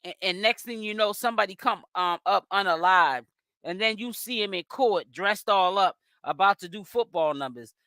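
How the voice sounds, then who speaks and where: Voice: medium pitch, sharp tone, clear, resonant tone, no echo, studio quality. Sassy host with a Boston accent. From Boston, Massachusetts. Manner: sassy and chatty, with drawn-out exclamations. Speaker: host of a celebrity gossip channel. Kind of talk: live-stream commentary reading chat.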